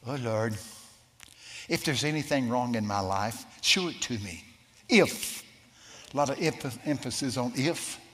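A man preaching a sermon, telling a personal story in a folksy, animated way with some stammering. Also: mid-range voice. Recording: long reverb of a large hall.

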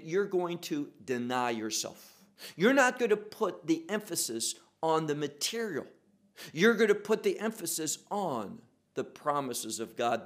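A man preaching a sermon on a Bible passage, slow and emphatic, repeating words for weight. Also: a little high.

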